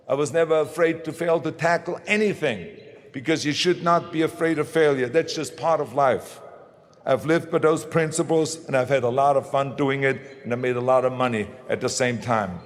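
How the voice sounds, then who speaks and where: A man's voice: a little high, moderate pace. A man with a German accent giving a motivational speech in emphatic, punchy short phrases. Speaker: motivational speaker. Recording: long hall reverb.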